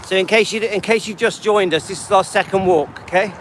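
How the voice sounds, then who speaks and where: A man's voice: high-pitched, fairly even intonation, brisk, background noise. Chatty man in his fifties. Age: 50s. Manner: chatty, rambling, addresses viewers by name. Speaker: livestream host. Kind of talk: casual live chat while walking the dog.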